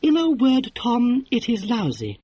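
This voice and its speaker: A sarcastic young woman writer in a storybook reading, as a male narrator puts her on. Her voice rides high, bright and airy, full of mock politeness and lilting swoops. The sound is close and dry with a faint husky edge. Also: wildly swooping pitch, a little slow, no room sound, full character voice. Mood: airy sarcasm. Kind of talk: audiobook character voice.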